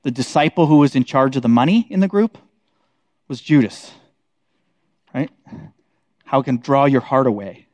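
A man's voice: mid-range voice, animated, normal speed, long pauses, darkish tone, dry recording. A man leading a casual Bible study, talking conversationally and often checking in with his listeners. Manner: conversational, many "like" and "right?" tags.

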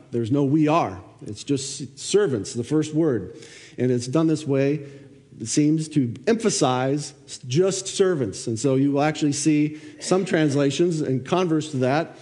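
A man's voice: on the high side, warm tone. A man preaching a sermon, reading scripture aloud and then explaining it with questions. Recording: long reverb of a church hall.

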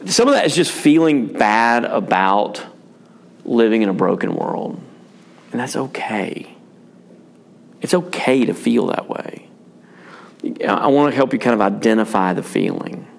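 A man's voice: on the low side, expressive, a little slow, gravelly, pauses often. A man, a pastor and father, talking about parenting in a frank, rambling, self-deprecating way, with many fillers and restarts. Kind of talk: casual pastoral chat on parenting.

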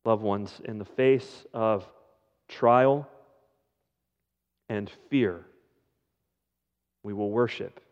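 A man preaching a sermon as pastor, speaking in a slow, measured way with dramatic pauses. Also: lowish voice. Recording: dull lo-fi sound with long hall reverb.

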